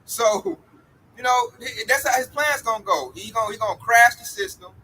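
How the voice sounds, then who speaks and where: A man's voice: very high voice, normal speed, bright, forceful tone, a little hiss or hum, poor audio. A man preaching in an emphatic, slangy street style about coming judgment.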